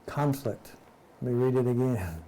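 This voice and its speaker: A man of medium pitch reads a spiritual text aloud to an online study group. He trips over phrases and goes back to reread them. Then he breaks each passage down in plain, conversational language. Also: normal speed, noisy background. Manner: explains in plain words after each passage. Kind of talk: reading and explaining a spiritual text.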